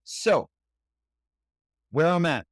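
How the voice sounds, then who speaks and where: A man from New York City, a podcast guest, excitedly telling a personal story in slangy speech and acting out what he said back then. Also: on the high side, very slow, no room sound, studio quality. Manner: slangy, excitable, acts out his own past lines.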